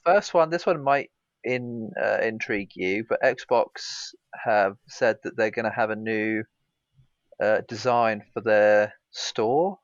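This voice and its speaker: A man's voice: fairly low pitch, slow pace, no room sound. Male co-host on a dull, dry mic. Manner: laid-back, rambling, full of fillers. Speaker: podcast co-host. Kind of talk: casual chat.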